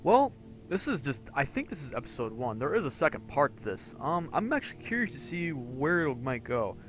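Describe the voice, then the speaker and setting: A man's voice: on the high side, very animated, brisk, a bit bright. Crude, rambling gamer guy. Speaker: gamer commentating a playthrough. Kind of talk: casual let's-play commentary.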